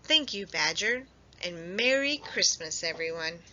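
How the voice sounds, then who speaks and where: A woman voicing an eager, kind little male hedgehog in a storybook, speaking in high, excited exclamations. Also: unhurried, heavy background noise. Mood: gentle. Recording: dull lo-fi recording.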